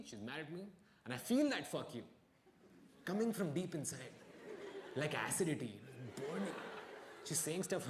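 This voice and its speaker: A young man doing a stand-up comedy set on stage, with wry deadpan asides and bursts of mock outrage. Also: a little high. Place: stage before a live audience. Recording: echoey live venue with crowd noise.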